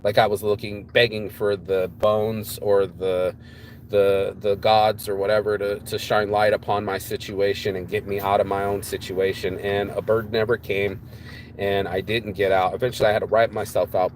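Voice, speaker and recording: A man's voice: lowish voice, flat delivery, normal speed, slight background noise. A man giving a casual motivational monologue outdoors. He speaks bluntly, swears freely and hammers his points home by repeating them. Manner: blunt, profane, preachy, repeats himself. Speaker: motivational vlogger.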